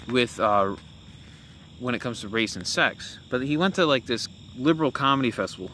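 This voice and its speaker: A young man talks casually as a podcast host, his voice bright and forward. He rambles, restarting sentences and filling gaps with "uh" and "you know". Faint hiss and insect sounds sit behind him. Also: mid-range voice, normal speed. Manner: rambling, with many fillers and self-corrections. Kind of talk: casual opinion monologue.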